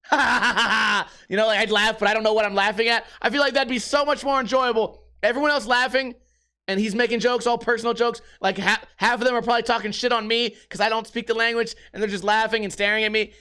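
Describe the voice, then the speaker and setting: A man's voice: extremely high pitch, steady tone, quick pace, sharp tone, smooth. A young man hosting a podcast, rambling through profane, jokey stories in casual chat. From United States. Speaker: podcast host.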